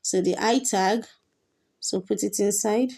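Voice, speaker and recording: A woman's voice: mid-range voice, measured pace, creaky, darkish tone. A woman teaching a coding lesson, explaining each step patiently with frequent fillers and repetition. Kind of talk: screen-share coding tutorial.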